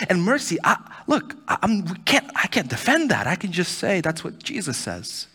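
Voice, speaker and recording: A man preaching a sermon as pastor, swinging between loud pleading and hushed near-whispers. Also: high-pitched, huge pitch swings, moderate pace, hardly any pauses, breathy edge. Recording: church hall reverb.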